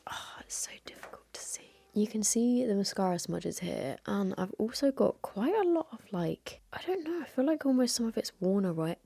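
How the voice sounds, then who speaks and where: A woman's voice: on the low side, vocal fry, darkish tone, breathy edge. A young woman, chatting casually in a beauty vlog, often dropping to a whisper. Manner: chatty, rambling, drops into whispers when showing close-ups. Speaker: beauty vlogger. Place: at home, in front of lights. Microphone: clip-on mic on the wrong setting.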